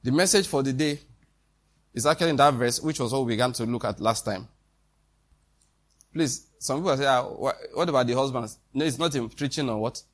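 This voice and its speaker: A man's voice: mid-range voice, a little fast. A man preaching a sermon in a conversational way, with quoted dialogue and questions to the congregation.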